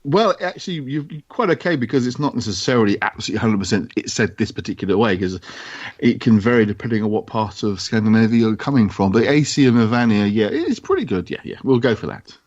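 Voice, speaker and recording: A man as the guest expert on a casual podcast, relaxed and reassuring, with dry humour. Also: fairly low pitch, quick pace, few pauses. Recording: muffled distant lo-fi audio.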